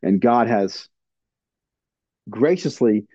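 Earnest male pastor, mellow voice. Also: on the low side, lively intonation, slow, breathy edge, no echo, dull audio. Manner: earnest, plainspoken, frequent fillers and restarts. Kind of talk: sermon-style teaching with audience questions.

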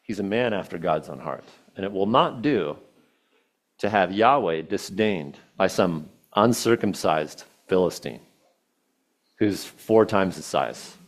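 Animated male preacher telling a story. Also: sits low, measured pace. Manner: animated storytelling, casual asides, quoting scripture. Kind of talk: sermon.

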